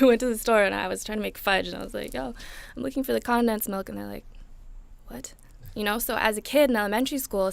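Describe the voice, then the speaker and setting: Gravelly-voiced young woman chatting. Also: medium pitch, no echo. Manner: relaxed, chatty, lots of "like" fillers. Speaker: singer-songwriter interviewee. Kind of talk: casual interview talk. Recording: music playing underneath.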